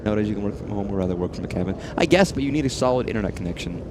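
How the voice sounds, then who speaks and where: There's background noise behind this man's fairly low, expressive voice as he races through casual live-stream chatter. He's playing a horror game, rambling, cursing freely, and talking back to what he sees on screen.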